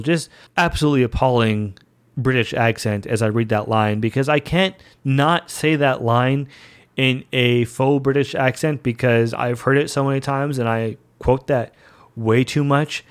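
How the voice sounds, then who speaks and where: A man giving casual solo commentary on a movie scene, chatty, enthusiastic and self-deprecating. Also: medium pitch. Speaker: film commentator.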